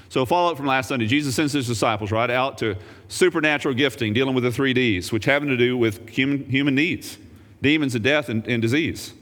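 Animated male preacher in a reverberant hall. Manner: animated preaching, swinging from loud raised emphasis to quiet low asides; wry, joking asides. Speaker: pastor. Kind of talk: sermon.

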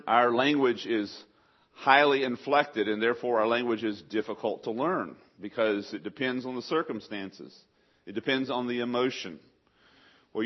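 A middle-aged male pastor preaching a sermon, animated, with sudden loud acted outbursts. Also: medium pitch. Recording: slightly dull lo-fi sound.

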